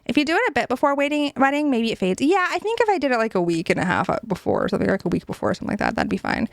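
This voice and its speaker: A young woman streaming from home, chatting casually with her chat, giggly, swearing often and animated. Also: fairly high pitch, rapid-fire, vocal fry, dry recording, studio quality. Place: home room.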